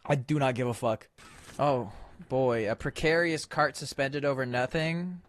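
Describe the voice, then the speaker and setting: A man's voice: mid-range voice, unhurried. A man giving ranting let's-play commentary, sarcastic and exasperated, swearing freely. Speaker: gaming commentator.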